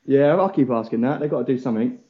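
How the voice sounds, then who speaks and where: A man's voice: mid-range voice, fast, a little hiss or hum. A man from Britain co-hosting a podcast, teasing and swearing as he jokes. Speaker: podcast co-host. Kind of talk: casual chat. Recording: dull lo-fi podcast audio.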